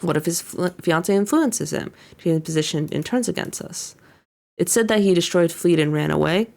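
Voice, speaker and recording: Brief: young woman, low gravelly voice, chatty anime reaction commentary with lots of ums and likes. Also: normal speed, darkish tone. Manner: recaps scenes by paraphrasing characters with many fillers. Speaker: VTuber reacting to an anime episode. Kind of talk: casual commentary.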